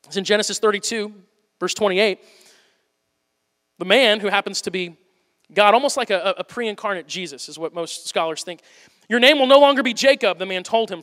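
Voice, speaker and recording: A man with a high, bright, ringing voice preaches an impassioned sermon, building to loud pleas and dropping to near-hushed lines. His words carry a long reverb off the walls of a church sanctuary. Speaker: pastor.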